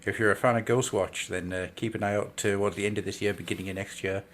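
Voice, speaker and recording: A man's voice: fairly low pitch, steady tone, fast, a bit bright, a little hiss or hum. A man hosting a casual podcast chat, playful and teasing, breaking into giggles. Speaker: podcast host.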